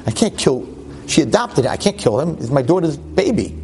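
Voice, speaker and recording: A man's voice: on the high side, big pitch swings, brisk, darkish tone, a little hiss or hum. A man voicing a fretful worried king. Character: worried male king, torn over a baby.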